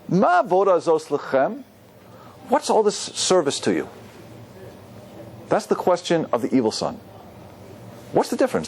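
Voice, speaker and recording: A man's voice: a little high, darkish tone. A man teaching a Torah class as a rabbi, quizzing his students and quoting Hebrew verses.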